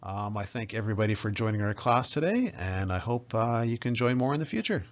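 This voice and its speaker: A man's voice: on the low side, expressive, brisk. A male instructor giving a recorded slideshow lesson in a friendly way, often checking in with "right?". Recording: slightly dull lo-fi audio.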